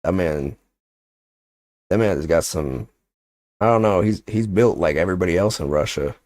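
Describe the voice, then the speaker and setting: A man's voice: deep voice, normal speed, darkish tone, dry recording. A young man chatting casually on a livestream, rambling and joking with lots of filler words. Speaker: streamer.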